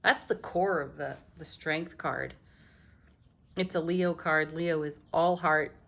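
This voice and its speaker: A woman giving a gentle, affirming tarot reading, moving from card to card. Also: deep voice, fairly even intonation, slow pace, gravelly. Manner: gentle, affirming, laughs softly between cards. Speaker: tarot reader.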